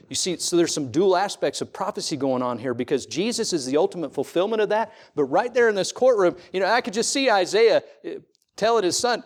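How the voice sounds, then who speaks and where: A man's voice: on the high side, expressive, normal speed. Impassioned middle-aged male pastor preaching. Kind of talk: sermon. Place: church service.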